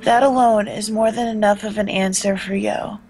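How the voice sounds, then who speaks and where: A woman's voice: mid-range voice, fairly even intonation, moderate pace, a little mellow, soft background music, low-quality recording. A woman co-commentating a visual novel, reading its text aloud with dry, joking asides. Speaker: let's play co-commentator.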